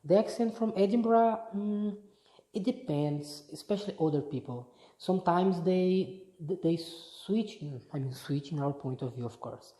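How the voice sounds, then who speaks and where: A woman's voice: fairly low pitch, normal speed, mellow. A woman from Brazil, chatting casually in a vlog, easygoing and often restarting her sentences. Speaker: vlogger. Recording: echoey room.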